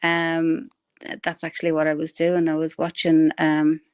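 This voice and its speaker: A woman's voice: deep voice, monotone, normal speed, clear, resonant tone, no echo, studio quality. Chatty Irish woman streamer. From Ireland. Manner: chatty, rambling, greets viewers by name with endearments. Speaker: livestream host. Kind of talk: casual live-stream chat greeting viewers.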